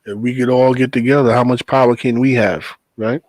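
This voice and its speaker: A man who drives a bus, chatting as host of a casual talk show. He tells his stories in an animated, profane way, acting out both sides of an argument. His voice sits at a middle pitch in a dry, close recording. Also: fairly quick, no echo, rough recording. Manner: animated storytelling, swears freely, laughs. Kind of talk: casual chat.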